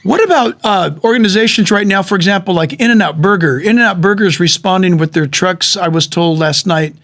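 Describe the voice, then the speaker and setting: Emphatic high-voiced preacher man. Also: a little fast. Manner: emphatic, animated, with frequent restarts and stammers. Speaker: pastor. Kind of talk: sermon-style exhortation.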